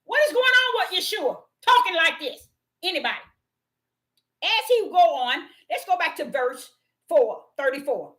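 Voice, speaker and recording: A woman in delivers a livestream sermon, her voice high and lively, jumping through a wide range. She reads scripture slowly, then erupts into sudden exclamations. The tone stays bright and sharp throughout. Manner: preaching with sudden bursts, exclaims and drawn-out scripture reading. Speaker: preacher teaching scripture on a livestream.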